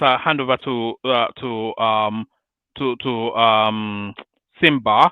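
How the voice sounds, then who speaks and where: A man hosting a live online stream, handing over the floor with halting, stammering restarts. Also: mid-range voice, sharp tone, clear, resonant tone, dry recording, dull audio. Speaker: host.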